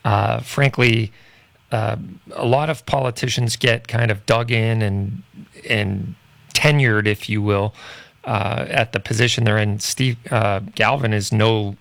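A man's voice: fairly low pitch, fairly even intonation, measured pace, gravelly, fairly bright tone, no echo. A man hosting a radio interview, emphatic and supportive toward his guest. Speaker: radio show host.

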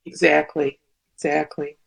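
A woman's voice: low-pitched, level tone, unhurried, vocal fry, breathy edge. A woman speaking as a guest on a call-in radio show, thoughtful and reassuring. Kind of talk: talk radio conversation.

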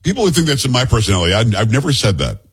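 A man hosts a radio talk show at a rapid clip, his voice a little husky. He rambles from topic to topic and teases his co-host. He talks into a studio microphone. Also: medium pitch, huge pitch swings. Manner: jokey, rambling, teasing banter. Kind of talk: casual radio talk and banter.

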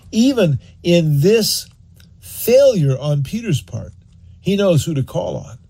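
A man preaching a sermon, telling the story in an animated, earnest way and urging listeners to act on it. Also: sits high, slightly rough. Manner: animated storyteller, acts out scenes; earnest, exhorting.

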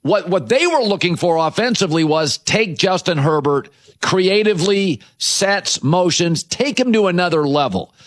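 A man hosting a sports talk show, delivering an opinionated monologue with rhetorical questions and quick asides. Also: high-pitched, animated. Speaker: sports radio host.

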